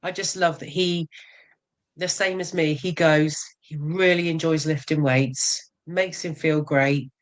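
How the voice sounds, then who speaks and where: A woman's voice: sits low, steady tone, measured pace. A woman in her forties, a bodybuilder guest in a casual interview, frank and self-mocking, laughing often.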